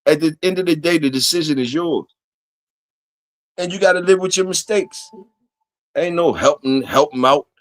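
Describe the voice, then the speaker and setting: A man's voice: a little high, normal speed, pauses often, no room sound. A man hosting a casual solo livestream, talking loosely and profanely to his chat and reading comments aloud. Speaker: livestream host.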